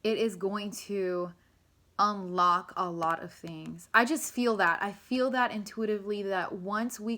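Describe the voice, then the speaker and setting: Bright-voiced woman giving a rambling tarot reading. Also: mid-range voice. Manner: rambling, emotional, swears freely. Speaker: tarot reader. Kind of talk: casual tarot reading vlog.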